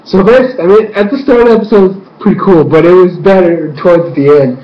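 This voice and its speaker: A young man with a somewhat high voice talks through an episode review in an excited, rambling rush, slipping into characters' lines as he retells it. The sound is dull and lo-fi, with the echo of a bare room and a faint hiss underneath. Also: fast talker. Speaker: YouTube reviewer. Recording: echoey room, dull lo-fi mic.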